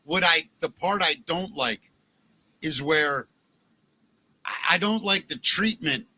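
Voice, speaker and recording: A middle-aged podcast host with a fairly high voice tells stories slowly but animatedly in a casual chat. He acts out quotes and swears freely.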